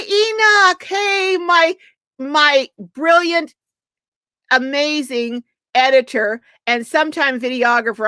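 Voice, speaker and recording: Chatty high-voiced older woman streamer. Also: a bit bright, dry recording. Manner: chatty, greets viewers by name, reads comments aloud. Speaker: host of a live stream. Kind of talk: casual live-stream chat.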